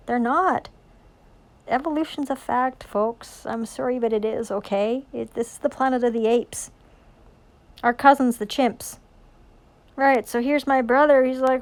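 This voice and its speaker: Intense, profane woman preaching scripture. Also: fairly high pitch. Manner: intense, profane, preachy with frequent rhetorical questions. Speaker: self-styled religious preacher. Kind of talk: rambling monologue on scripture.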